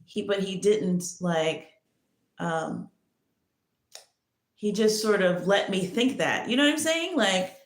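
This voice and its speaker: A woman's voice: medium pitch, animated, takes it slowly, pauses often. A woman hosting a podcast, telling a personal story in a rambling way, with many restarts. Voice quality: creaky. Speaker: podcast host. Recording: echoey room.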